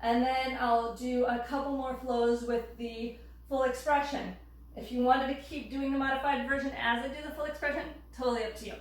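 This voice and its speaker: Woman yoga teacher, high voice, calm breath cues, slightly winded, distant mic in a very echoey room. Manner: calm cueing of breath and poses, occasional laughs. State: out of breath while demonstrating. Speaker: yoga instructor. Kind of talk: guided yoga instruction.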